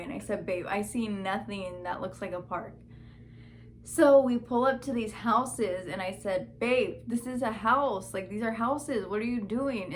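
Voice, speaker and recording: A woman's voice: mid-range voice, slight background noise. A young woman vlogger telling a story in casual chat, full of "like" and acted-out quotes. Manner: chatty, fillers like "like", quoted dialogue.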